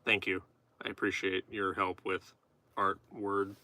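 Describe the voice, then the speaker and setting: This streamer jokes around and rambles with his chat as he composes poetry live. He speaks in a low, sharp voice that stays flat and moves a little slowly.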